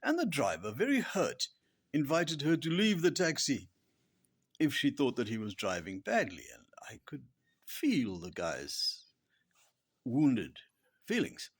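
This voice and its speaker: A man delivering a dry, humorous monologue, his pitch rising and falling in a lively way. He slips into quiet whispered asides for punchlines and keeps a wry, deadpan tone throughout. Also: a little slow, breathy edge. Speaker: blogger and author. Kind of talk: humorous spoken commentary.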